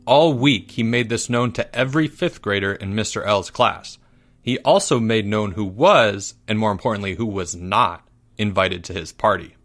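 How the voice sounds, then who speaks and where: A man hosting a podcast and reading a children's story aloud in a steady storytelling manner. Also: fairly low pitch, moderate pace, faint music behind.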